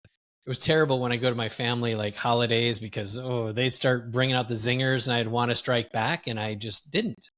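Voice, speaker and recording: Man, podcast guest, mid-pitch, lively candid storyteller. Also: a little fast. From Wisconsin, US. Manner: animated, candid, self-deprecating storyteller. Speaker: guest, executive coach.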